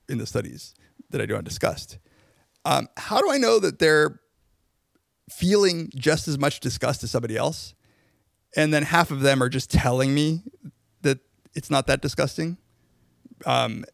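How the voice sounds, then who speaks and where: Gravelly man explaining research. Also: mid-range voice, a bit bright, no echo, clean studio sound. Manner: explains at length with frequent "like" and restarts. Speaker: podcast co-host, social psychology researcher. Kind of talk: casual academic chat.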